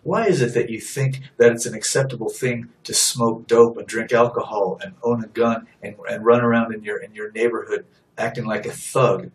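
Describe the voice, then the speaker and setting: A man's voice: fairly low pitch, steady tone, moderate pace, recorded from a distance, low-quality recording. A man giving an impassioned sermon, blunt and emphatic, driving points home by repeating them. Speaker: street preacher.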